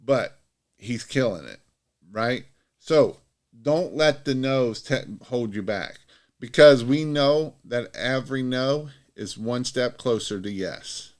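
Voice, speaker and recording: A man's voice: medium pitch, lively intonation, takes it slowly. A man giving casual business advice on a live stream, rambling and repetitive, with many fillers and restarts, urging listeners on. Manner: earnest, pep-talk urging. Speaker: Christmas light business owner giving advice.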